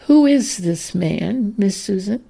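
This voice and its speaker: A woman voicing a loyal, cautious young woman companion, speaking quietly and respectfully. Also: mid-range voice, expressive, slow, gravelly, breathy edge, heavily acted.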